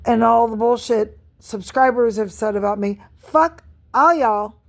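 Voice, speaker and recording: Middle-aged woman vlogger, slightly high voice, furious profane rant. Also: unhurried. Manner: angry, profane, repetitive venting. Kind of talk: ranting vlog monologue.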